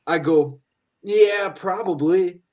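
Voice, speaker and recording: Man, slightly high voice, laid-back podcast storytelling, quotes dialogue. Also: slow pace. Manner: relaxed storyteller with frequent fillers and quoted dialogue. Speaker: podcast guest, dent repair technician. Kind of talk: casual chat.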